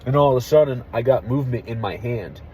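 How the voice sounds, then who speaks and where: A young man, an army veteran, telling a story casually and candidly, with plenty of swearing and a hushed drop in voice at the tense parts. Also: medium pitch, fast, slight background noise, rough recording. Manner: candid, profane, drops to a hush for tense moments.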